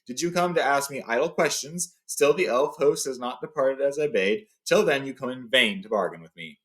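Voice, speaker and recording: A man voicing a proud, furious male dwarf king who shouts in anger while reading a story aloud. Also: medium pitch, lively intonation, moderate pace, lightly acted, poor audio. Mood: wrathful. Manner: shouting, wrathful.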